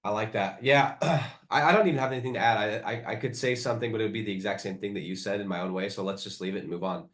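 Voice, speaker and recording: A man with a fairly low voice hosts an interview and asks questions in a relaxed, encouraging way. His voice carries a clear room echo. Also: quick pace, few pauses. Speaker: host. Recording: echoey room.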